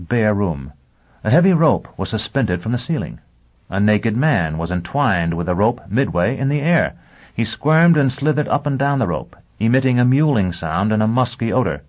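A man narrating a science fiction novel in a steady, even storytelling manner, on a dull lo-fi recording. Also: lowish voice, normal speed. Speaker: audiobook narrator. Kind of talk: scripted narration. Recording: dull lo-fi audio.

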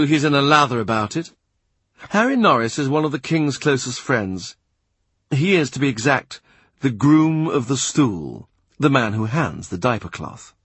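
A man reading a literary novel aloud in a measured, understated way. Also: mid-range voice, a bit bright, slightly rough, no echo. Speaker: audiobook narrator. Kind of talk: scripted literary narration.

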